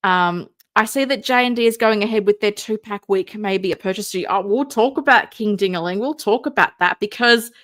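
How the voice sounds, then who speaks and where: A woman's voice: medium pitch, bright, forceful tone. An Australian woman hosting a casual livestream, tired and rambling, with a wry, mumbly way of talking. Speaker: host of a figure collecting livestream.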